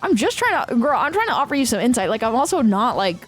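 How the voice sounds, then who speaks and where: With faint music playing behind her, a woman streamer in her 30s tells a story in casual chat, ranting and swearing frequently in an animated way. Her voice is fairly high and fast.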